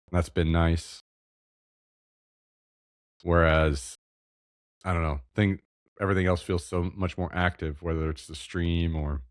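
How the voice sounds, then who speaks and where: A man appearing as a podcast guest, speaking haltingly and searching for his words. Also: sits low, smooth, dry recording, studio quality. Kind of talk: casual chat.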